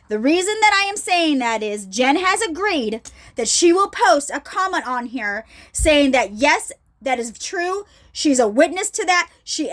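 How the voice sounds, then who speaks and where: A woman with a high-pitched voice tells her story straight to her viewers in a casual ministry vlog. She speaks emphatically and keeps pausing to ask if they are still with her. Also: a bit bright. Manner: emphatic, addresses viewers directly with repeated check-ins. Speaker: ministry vlogger.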